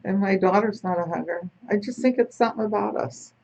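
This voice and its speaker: A woman's voice: mid-range voice, brisk, creaky, a little mellow. A woman co-hosting a talk show, chatting casually and wryly. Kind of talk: casual chat. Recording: dull lo-fi sound.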